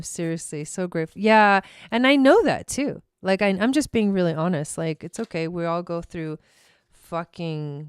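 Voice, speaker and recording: A woman's voice: lowish voice, animated, normal speed, clean tone, dry recording, studio quality. A woman hosting a live tarot stream from home, chatting casually, swearing freely and laughing often. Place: her home.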